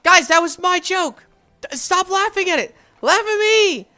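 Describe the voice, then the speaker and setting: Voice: animated, measured pace, pushed and bright, exaggerated voice. A streamer acting out a panicked young male student who begs classmates to laugh at him instead of the friend who repeated his joke. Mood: frantic. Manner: panicked, pleading, high-strung. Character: frantic young male student whose joke got stolen.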